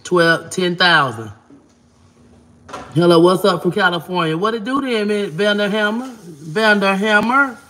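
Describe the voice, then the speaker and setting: Fast-talking woman hosting a livestream. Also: lowish voice, animated, slight background noise. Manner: fast-talking, shout-outs to viewers. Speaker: livestream host reading viewer comments. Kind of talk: casual livestream chat.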